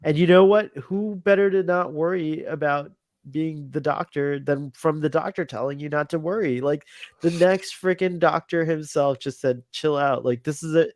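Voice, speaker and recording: A man's voice: on the high side, moderate pace, a little mellow, no room sound. Upbeat laughing man, dry close sound. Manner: enthusiastic, laughing, many fillers. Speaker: podcast co-host. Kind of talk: casual chat.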